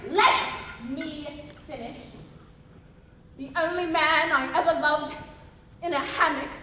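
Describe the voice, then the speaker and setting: A woman's voice: high voice, steady tone, takes it slowly, recorded from a distance. A woman playing a hysterical, posh hostess in a melodramatic murder-mystery parody. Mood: theatrical. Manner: melodramatic, gasping, sing-song. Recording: very echoey room with noise.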